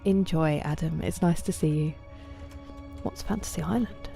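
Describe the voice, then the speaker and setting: Low mellow-voiced woman chatting to stream viewers. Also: normal speed, vocal fry, soft background music. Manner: reads viewers' names and answers chat comments, often dropping to a half-whisper. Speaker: livestreamer. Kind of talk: casual chat with viewers while gaming.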